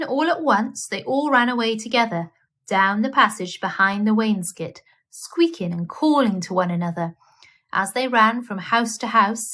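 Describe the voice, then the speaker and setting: A woman reading a children's bedtime story aloud in a gentle, expressive manner. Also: medium pitch.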